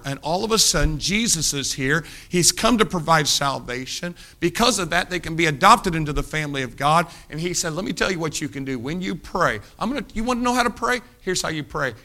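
Bright-voiced older male preacher. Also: on the high side. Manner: storytelling, shifts between hushed and emphatic. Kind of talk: sermon.

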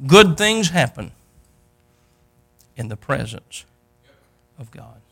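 An older man preaching a sermon, telling a Bible story in a folksy way and acting out the characters, rising to loud peaks. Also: on the high side, big pitch swings, slow pace, vocal fry, husky.

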